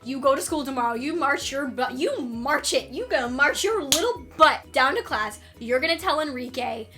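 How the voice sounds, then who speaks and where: A woman's voice: sits high, lively intonation, moderate pace, music in the background. A woman voicing her stern, bossy mother scolding her young daughter. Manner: bossy, commanding.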